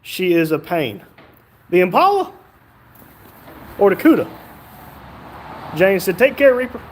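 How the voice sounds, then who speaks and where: A man's voice: sits high, very animated, measured pace, a little hiss or hum. A man hosting a casual livestream, reading viewer comments aloud and joking along. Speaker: livestream host reading chat.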